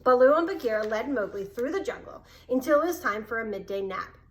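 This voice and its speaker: A woman's voice: on the high side, lively intonation, fairly quick, rough recording. Woman reading a storybook aloud. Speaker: narrator.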